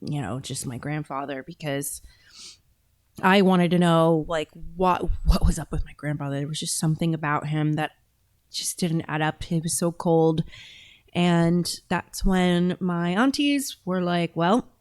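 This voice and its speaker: A woman's voice: low-pitched, measured pace, darkish tone, dry recording, studio quality. A woman hosting a casual commentary show, reacting to video clips in a chatty, emphatic way. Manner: chatty, emphatic, talks with her mouth full at times.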